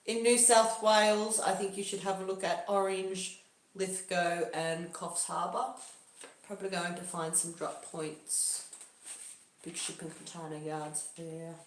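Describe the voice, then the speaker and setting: A woman's voice: lowish voice, fairly even intonation, unhurried, reverberant, slight background noise. A woman talking through a casual livestream monologue in a musing, loosely paced way. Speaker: livestream host.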